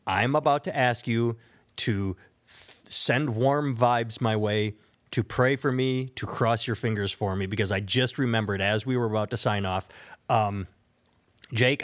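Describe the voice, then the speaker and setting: A man's voice: mid-range voice, fairly bright tone. A man co-hosting a podcast in casual chat, ranting with opinions and mocking quotes. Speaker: podcast co-host.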